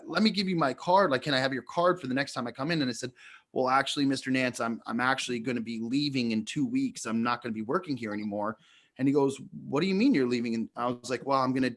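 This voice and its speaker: A man's voice: mid-range voice, fairly bright tone. A man co-hosting a podcast, telling a long story in a casual, rambling way. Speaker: podcast co-host.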